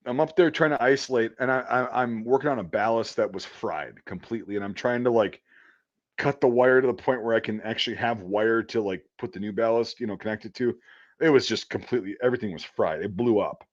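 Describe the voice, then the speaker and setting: A man's voice: medium pitch, moderate pace, muffled recording. Man telling a rambling, profane story. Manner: profane, rambling, full of fillers. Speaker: electrician. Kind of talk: casual storytelling on a podcast.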